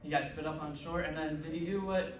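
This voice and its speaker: A man's voice: on the high side, steady tone, a little fast. A man teaching children a Bible lesson, asking them questions encouragingly. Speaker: Sunday school teacher. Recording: roomy distant classroom audio with noise.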